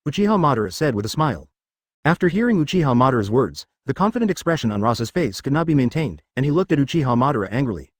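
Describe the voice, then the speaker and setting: A man's voice: medium pitch, big pitch swings, fast talker, dry recording, clean studio sound. A synthetic male voice narrating a web novel audiobook, reading stray text aloud in a mechanical way.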